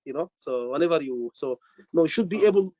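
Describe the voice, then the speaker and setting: A man's voice: fairly high pitch, expressive, fairly quick, mellow, no echo, muffled recording. A man tutoring students for a medical exam, emphatic and repeating his words. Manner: emphatic, repeats words, says "brother" often. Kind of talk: online teaching session.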